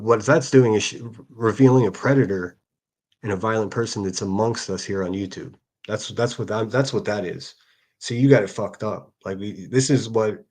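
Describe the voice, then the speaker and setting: A man's voice: fairly low pitch, a little mellow. A man hosting a solo livestream, reading out hostile comments and answering them in a sarcastic, profane rant. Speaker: livestream host.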